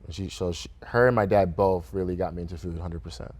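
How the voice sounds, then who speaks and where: A man's voice: low voice, fairly even intonation, fast, a little mellow. A young man from Michigan being interviewed in a studio, speaking in an easygoing way, often laughing and tagging his sentences with "right?". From Grand Rapids, Michigan, USA. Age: young adult. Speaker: guest, restaurant owner. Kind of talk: relaxed interview conversation. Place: radio studio.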